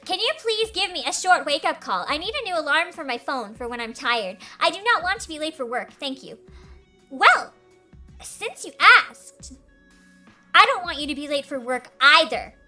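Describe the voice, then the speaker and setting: A woman's voice: high-pitched, sing-song, normal speed, pushed and bright. A young woman hosting a casual livestream Q&A, chatty and giggly, with lots of "like". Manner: giggly, chatty, says "like" a lot. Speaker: streamer hosting a Q&A. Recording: faint background music.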